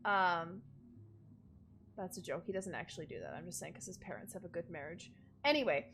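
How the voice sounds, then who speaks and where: A woman's voice: lowish voice, big pitch swings, a little fast, creaky, fairly bright tone, soft background music. A woman narrating a homebrew tabletop game as dungeon master, casual and chatty. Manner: casual, chatty, hesitant fillers.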